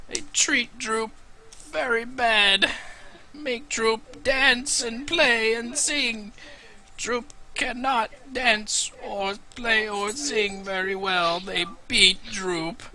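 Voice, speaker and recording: A man's voice: very high-pitched, bright, forceful tone, a little hiss or hum, pitched above the performer's own voice, heavily acted. A man voicing a timid, groveling male goblin servant who pleads and speaks of himself in the third person.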